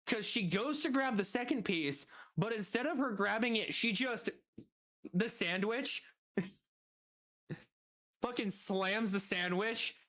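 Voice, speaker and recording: Streamer slowly spinning a crude work story, doing little voices for people. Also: mid-range voice, a bit bright. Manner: swearing, laughing at his own story; acts out quoted customers and bosses. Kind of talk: casual storytelling.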